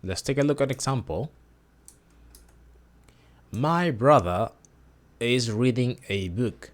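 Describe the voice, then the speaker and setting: A man's voice: medium pitch, animated, slow, pauses often. A man giving an informal recorded lesson, hesitant and thinking aloud with many restarts and fillers. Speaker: language teacher.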